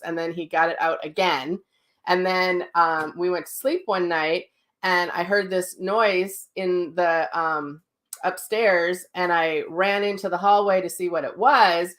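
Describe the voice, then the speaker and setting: A woman teaching a live online class as a psychic medium, who tells stories animatedly, laughs often and answers viewer comments, speaking into a livestream mic at home. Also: lowish voice. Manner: chatty, animated, laughs while telling stories. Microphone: livestream mic, sound sometimes cutting out.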